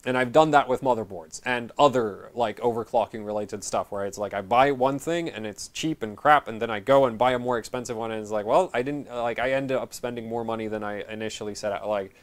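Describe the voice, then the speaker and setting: Male tech host, mid pitch, loose rambling delivery full of fillers and restarts, dry sarcasm. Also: a little fast, hardly any pauses. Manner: rambling, self-correcting, many fillers. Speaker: channel host. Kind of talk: casual technical explainer.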